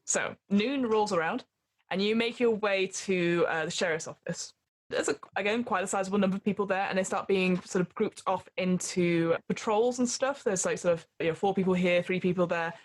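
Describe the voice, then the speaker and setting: A woman running a tabletop horror game as game master, narrating scenes in a rambling way full of fillers and laughter. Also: medium pitch.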